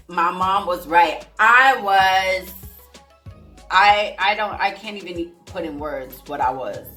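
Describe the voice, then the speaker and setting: Female vlogger, casual animated storyteller, bright tone, echoey room with faint music bed. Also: fairly low pitch, slow. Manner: animated, emphatic, repeats herself for effect. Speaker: vlogger telling her life story.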